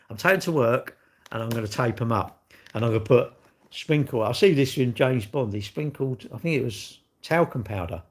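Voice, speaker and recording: A man's voice: mid-range voice, animated, moderate pace. An English man, middle-aged, hosting a casual live stream and bantering cheekily with his chat in a rambling, jokey way. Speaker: livestream host.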